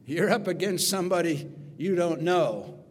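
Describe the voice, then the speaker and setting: A man preaching a sermon, retelling scripture with dramatic storytelling, swinging from loud emphasis to quiet asides. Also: sits high, normal speed. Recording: reverberant hall, faint hum.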